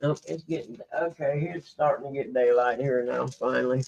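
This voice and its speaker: A man's voice: medium pitch, fairly even intonation, normal speed, creaky, dull audio, heavy background noise. Laid-back man chatting casually. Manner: laid-back, laughs often, reads posts aloud. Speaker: show host. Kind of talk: casual chat.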